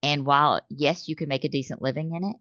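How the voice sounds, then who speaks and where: A woman, a business owner being interviewed, who talks in an animated way and acts out her customers' phone calls. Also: deep voice, fast talker, no room sound. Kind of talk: conversational interview. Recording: slightly dull dry recording.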